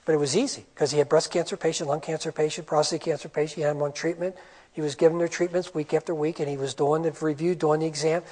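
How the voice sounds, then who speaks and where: Man presenting at a conference, high voice, emphatic, animated, rhetorical questions. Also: quick pace. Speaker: medical coding presenter. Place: conference room.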